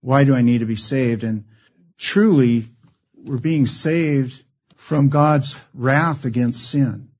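An earnest male preacher explains his message with one rhetorical question after another. His mid-pitched voice comes through a dull, muffled recording. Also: takes it slowly, a little mellow. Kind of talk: sermon-like teaching.

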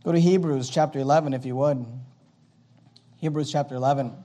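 A male pastor delivering a sermon in a high-pitched voice. He swings between loud, emphatic scripture reading and quieter asides, sometimes mimicking grumbling people. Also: brisk. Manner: animated preaching, quoting King James scripture, acting out complaining voices.

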